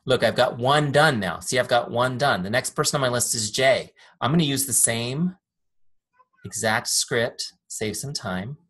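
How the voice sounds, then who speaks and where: Young male trainer, husky tone, upbeat, chatty, jokey, demoing software from a home-office mic. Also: medium pitch, measured pace. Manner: upbeat, chatty, self-deprecating jokes. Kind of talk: live online training with screen demo. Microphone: desk microphone.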